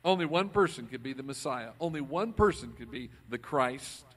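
A man preaching a conversational sermon as a pastor, swinging between loud emphasis and quiet asides. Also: mid-range voice, animated, normal speed.

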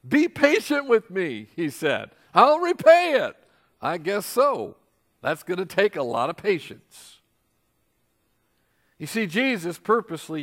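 A man preaching a sermon, reading scripture and acting out the quoted voices with big swings in pitch and loudness. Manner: animated, acts out quoted voices with big jumps in pitch and volume. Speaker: pastor.

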